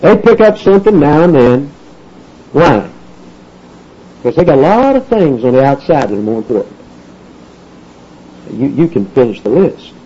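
Delivering a sermon at a moderate pace with long pauses, a drawling man with a husky, mellow tone gets folksy and animated, voicing the people in his story as his pitch rises and falls sharply. The audio is dull and lo-fi.

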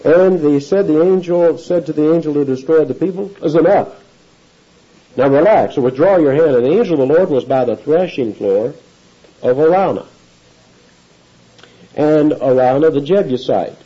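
A man's voice: on the high side, moderate pace, highs cut off. A male pastor preaching an expository sermon in a conversational way, often putting questions to his listeners. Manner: conversational, asks the audience questions.

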